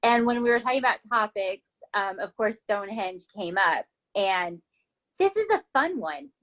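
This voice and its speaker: A woman from the United States hosting a casual podcast, enthusiastic and quick to laugh. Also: medium pitch, lively intonation, a bit bright, poor audio. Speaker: podcast host.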